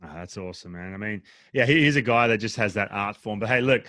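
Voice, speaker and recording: Australian man, podcast host, rapid chatty delivery, dry close sound. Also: fairly low pitch, dry recording. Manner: quick, animated, trips over restarts. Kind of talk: casual interview chat.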